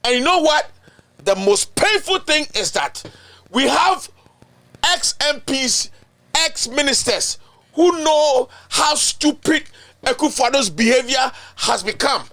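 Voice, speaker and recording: This very high-pitched male voice is pushed and bright, moving slowly with lively intonation. He's a Ghanaian political commentary host, indignant and emphatic, who repeats himself and slips in chants in a local language.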